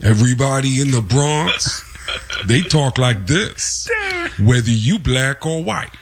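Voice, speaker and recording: A man's voice: medium pitch, expressive, slow, noisy background. A man doing a drawling Bronx-style impression. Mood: amused. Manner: drawling impression of a famous comedian.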